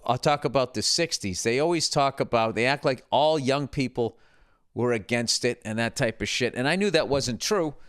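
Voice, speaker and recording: A man's voice: medium pitch, fairly bright tone, smooth, dry recording, studio quality. A middle-aged man hosting a podcast, delivering a profane, digressive, self-mocking comedic monologue. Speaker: podcast host. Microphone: podcast studio mic.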